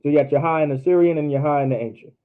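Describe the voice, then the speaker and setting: A man with a fairly high voice teaches an online class, talking casually and drilling each letter sound again and again. The sound is narrow and tinny, like a phone line. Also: rapid-fire.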